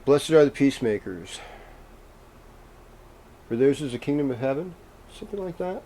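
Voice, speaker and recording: A man reading horoscopes as the host, in a casual, meandering way with gentle pauses and fillers. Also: medium pitch, animated, a little hiss or hum. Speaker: astrologer host.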